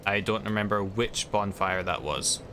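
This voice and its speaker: A man's voice: on the low side, moderate pace, sharp tone, slight background noise. Chatty Scottish man streaming a game. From Scotland. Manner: chatty, rambling, hedging, answers chat. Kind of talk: casual chat while gaming.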